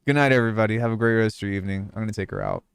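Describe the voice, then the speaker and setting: A young man chatting casually on a live stream as a music producer, relaxed and rambling with lots of fillers. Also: on the low side, racing, clean tone, no echo, studio quality.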